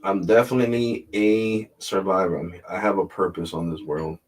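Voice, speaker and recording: Low-voiced guy on a tech stream, fired up and ranting, swears here and there. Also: normal speed. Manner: animated, emphatic, swears casually. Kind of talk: casual ranting talk stream.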